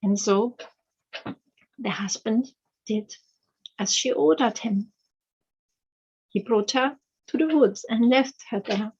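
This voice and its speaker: A woman retells a fairy tale at a slow, thoughtful pace, pausing with fillers. Her voice sits a bit high. The recording sounds slightly muffled. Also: a little mellow, breathy edge. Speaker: author and storyteller.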